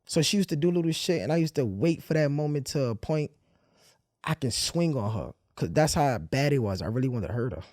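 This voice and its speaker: A man telling a painful personal story in a candid monologue, using blunt street slang and swearing, with halting restarts when the memories get heavy. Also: mid-range voice, expressive, darkish tone, no room sound, clean studio sound. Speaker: podcast host.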